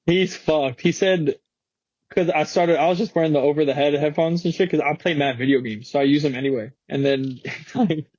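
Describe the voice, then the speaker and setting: A man's voice: fairly high pitch, a little fast, a little mellow, no echo, muffled recording. A young man, a skateboarding guest, telling a story in a slangy, profane way and acting out the quotes. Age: young adult. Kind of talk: animated storytelling with quoted voices. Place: podcast studio.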